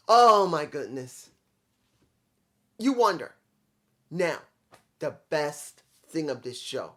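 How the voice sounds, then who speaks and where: A man's voice: on the high side, animated, takes it slowly, long pauses, a bit bright. A man reviewing a wrestling show in a casual, rambling way, with some swearing and restarts.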